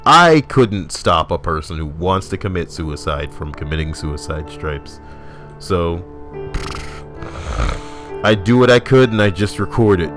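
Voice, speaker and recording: A man's voice: low voice, lively intonation, a little slow, long pauses, a bit bright, soft background music. A young man hosting his video channel, chatting loosely with a friend, swearing and putting on mock voices as he riffs. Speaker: YouTube host. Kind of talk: casual banter.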